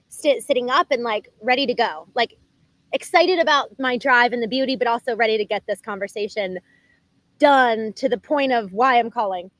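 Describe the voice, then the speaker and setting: A woman hosting a livestream, talking unscripted in an earnest, animated way, with lots of "like" and quick restarts. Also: on the high side, no room sound, low-quality recording. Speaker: livestream host. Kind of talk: unscripted reflective monologue.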